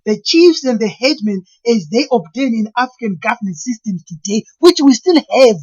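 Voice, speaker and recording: Woman w/ a background, husky and a bit high, explaining slowly, keeps restarting words. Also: animated, a little mellow, highs cut off. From Zimbabwe. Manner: earnest, deliberate, often stalls and restarts words. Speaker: lecturer on name meanings. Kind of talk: explanatory monologue.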